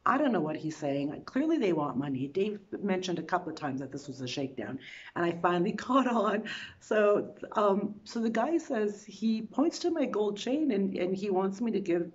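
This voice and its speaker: A woman vlogger telling her own travel story in a casual, animated way, often restarting sentences and adding quick asides. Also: medium pitch, dull audio.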